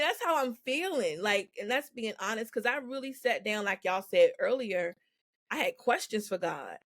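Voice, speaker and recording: Woman podcast guest, gravelly fry in her voice, super dry close sound, frank and lively. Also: a little high, moderate pace, dry recording. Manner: frank, animated, laughs often. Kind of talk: candid conversational storytelling. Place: podcast recording.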